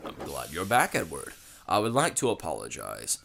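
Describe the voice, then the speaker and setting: A man's voice: deep voice, wildly swooping pitch, moderate pace, vocal fry, very noisy, voice pushed down, full character voice. A man doing a stately railway boss. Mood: apologetic. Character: stately kindly male railway controller.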